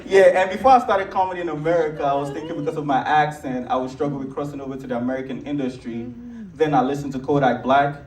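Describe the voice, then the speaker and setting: Man, Nigerian accent, stand-up comedy, lively, distant mic, loud laughing crowd. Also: fast, background noise. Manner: animated, shouts acted quotes in a high voice. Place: large theater stage with live audience. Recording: roomy theater sound, distant mic, loud audience laughter.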